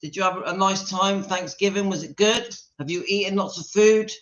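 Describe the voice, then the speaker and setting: Indoors at home, a man runs a laid-back live stream, laughing constantly and interrupting himself to speak to his dog. His voice sits high, with a moderate pace and a fairly bright tone. Dull, lo-fi sound colors the recording.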